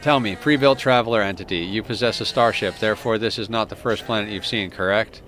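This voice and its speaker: Brief: stiff, formal alien machine creature for a game, low and steady, voiced by a man. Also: soft background music, lightly acted. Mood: curious. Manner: reads game dialogue aloud, stiff and deliberate.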